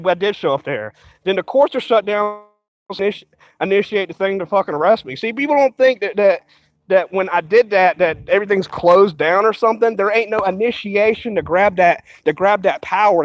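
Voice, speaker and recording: A man's voice: high-pitched, brisk, low-quality recording. A man vlogging in an agitated, rambling rant full of profanity and repetition. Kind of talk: rambling ranting monologue.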